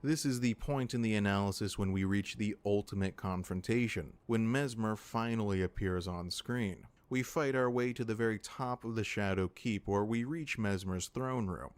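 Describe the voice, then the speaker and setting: A man giving measured, analytical scripted narration for a lore video. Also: on the low side.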